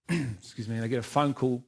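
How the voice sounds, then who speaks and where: A middle-aged man tells his own story to a church congregation. His pitch sits in the ordinary middle range for a man. He pokes fun at himself, laughs often and acts out the dialogue in his story. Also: normal speed, vocal fry, darkish tone. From New Zealand. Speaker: church speaker giving testimony. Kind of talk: personal testimony in church. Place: church service.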